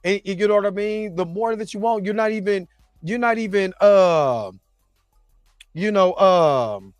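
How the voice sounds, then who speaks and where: A man's voice: high-pitched, measured pace, dry recording, studio quality, faint music behind. A man hosting a reaction show, recapping episodes in a loose, slangy, rambling way full of restarts and asides.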